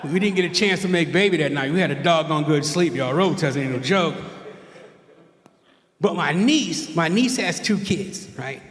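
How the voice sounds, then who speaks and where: A middle-aged man performing a self-mocking stand-up set on a church stage, chatting with the crowd and tossing them quick questions. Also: on the high side, expressive. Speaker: stand-up comedian. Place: church stage with a live audience. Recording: echoey hall, long reverb.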